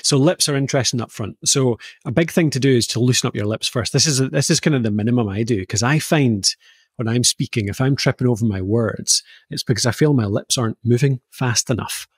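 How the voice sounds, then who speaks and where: A Scottish man co-hosting a podcast, easily explaining voice warm-ups and playfully demonstrating vowel sounds. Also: medium pitch, fairly quick, husky, dry recording, studio quality. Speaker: podcast co-host explaining voice skills. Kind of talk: casual podcast chat.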